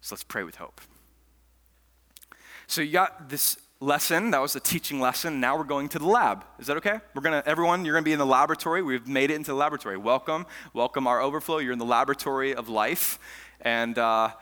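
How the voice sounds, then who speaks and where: A man preaching a sermon as pastor, telling stories with lively swings between loud, eager stretches and hushed, quiet ones. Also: mid-range voice, quick pace. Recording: long hall reverb.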